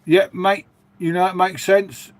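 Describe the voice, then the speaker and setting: Brief: matey man, middle-aged, a bit higher voice, rambling live-stream chat. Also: steady tone, measured pace, no room sound. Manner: chatty, rambling, matey, reading out viewer comments. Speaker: livestream host.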